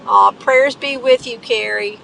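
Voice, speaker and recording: A woman's voice: a little high, unhurried, creaky, a bit bright, rough recording. A woman hosting a live stream from her car, chatting casually with viewers and greeting them by name between remarks about traffic. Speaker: livestream host. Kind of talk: casual live-stream chat while driving. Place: inside a car on the road. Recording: road noise from a moving car.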